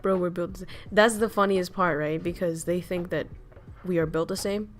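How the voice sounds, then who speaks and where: A woman's voice: on the low side, steady tone, moderate pace. A woman streaming casual chat as a VTuber, ranting bluntly with lots of swearing, laughing and answering chat messages.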